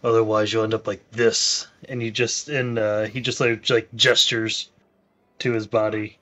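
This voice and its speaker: A man playing his character in a tabletop game, talking in a measured, hesitant way with fillers. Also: fairly low pitch, level tone, bright, forceful tone. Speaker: player. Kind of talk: in-character tabletop role-play.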